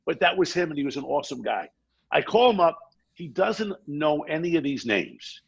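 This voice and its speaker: Brief: middle-aged man, gravelly husky voice, pitched a bit high, animated storyteller, dull lo-fi podcast sound. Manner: fast, energetic anecdote-telling with quoted asides. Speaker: podcast guest.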